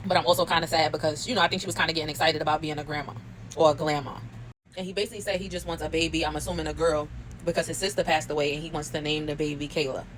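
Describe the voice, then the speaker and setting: Fast-talking low-voiced woman recapping reality TV. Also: steady tone, a little hiss or hum, poor audio. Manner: chatty, quotes cast members, laughs often. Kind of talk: casual recap commentary.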